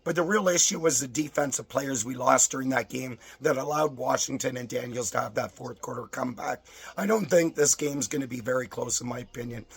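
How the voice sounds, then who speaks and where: A hoarse man with a strained voice, rattling off sports betting stats and picks in a casual, list-like way. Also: medium pitch, brisk.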